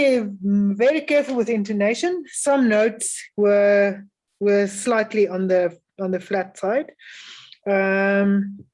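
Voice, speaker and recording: Speaking in a mid-range voice, this woman gives young string players calm, encouraging feedback as a music festival adjudicator. She pauses often with "um."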